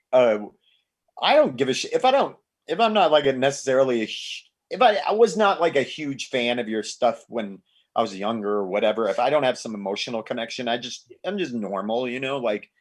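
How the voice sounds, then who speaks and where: A man in casual podcast chat, an excitable storyteller who stammers through restarts and swears freely. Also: mid-range voice, normal speed.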